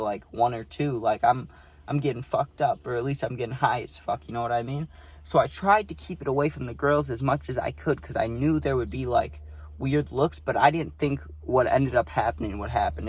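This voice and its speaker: Young male vlogger, loose and rambling, swears freely, ordinary mid-range voice, phone-recorded. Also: mid-range voice. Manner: rambling, profane, full of "you know what I mean". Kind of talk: casual storytime vlog.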